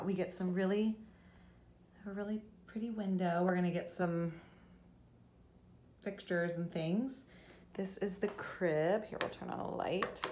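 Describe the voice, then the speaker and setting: A young woman with a mid-range, slightly mellow voice chats into a handheld camera for a casual vlog. She's full of fillers and restarts, gushing with emotion and getting tearful over baby things.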